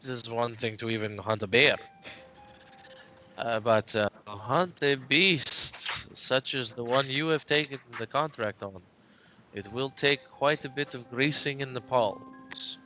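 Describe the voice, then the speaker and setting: A man voicing a showy male storyteller, halting with fillers before grand flattery, in tabletop role-play. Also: medium pitch, highs cut off, soft background music. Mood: cautioning. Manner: hesitant, halting with ums, then grandiose. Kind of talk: in-character tabletop dialogue.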